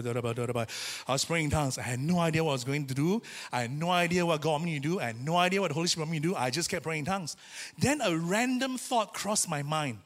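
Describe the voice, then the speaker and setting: A man preaching a sermon in a church, telling a personal story in a lively, chatty way and acting out the voices he quotes. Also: fairly high pitch. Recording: reverberant church hall.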